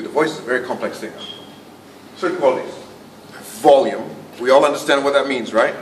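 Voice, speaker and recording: A man teaching public speaking to a club audience, projecting his voice without a microphone and dropping very soft for emphasis. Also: a little high. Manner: projects to a room without a mic, drops to near-whisper for emphasis. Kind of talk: speech workshop talk. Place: meeting room before a club audience. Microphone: no microphone, recorded from a distance. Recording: roomy, distant, faint room noise.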